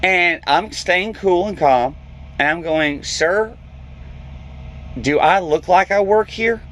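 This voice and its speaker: A man's voice: high-pitched, takes it slowly, a little hiss or hum. A man, a truck driver, telling a story in a vlog and acting out the people in it. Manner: animated storyteller, acts out quoted voices.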